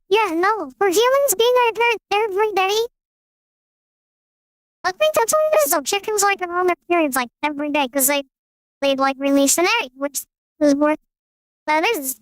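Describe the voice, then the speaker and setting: A man putting on a silly, very high voice for a goofy rambling character, joking crudely. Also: lively intonation, moderate pace, long pauses, fairly bright tone, no room sound.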